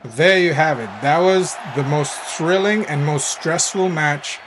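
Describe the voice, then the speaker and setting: Gaming YouTuber, male, slightly higher voice, animated gameplay commentary, faint hiss behind. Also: a little slow. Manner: animated, swings to excited shouting at big plays.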